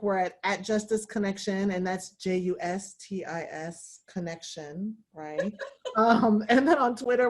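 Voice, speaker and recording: Woman, 30s, interview guest over a video call; relaxed and encouraging, slips into playful slang. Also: a little high. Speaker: guest, law firm founder.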